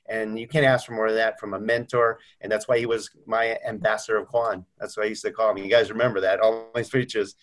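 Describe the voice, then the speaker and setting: Earnest middle-aged man telling stories. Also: mid-range voice. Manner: earnest storytelling, acts out quoted voices. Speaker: mortgage company owner. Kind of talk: video call tribute chat. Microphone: video call.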